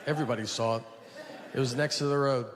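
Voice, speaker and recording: Rambling deadpan stand-up comedian. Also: male voice, mid-range voice, quick pace. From United States. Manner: rambling deadpan storytelling with many fillers. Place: stage before a laughing audience.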